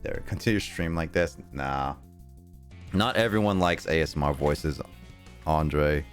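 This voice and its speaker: A man's voice: very deep voice, measured pace, soft background music. A young man streaming a game, chatting casually with viewers in a rambling way and laughing often. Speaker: gaming livestreamer. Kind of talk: casual livestream chat with viewers.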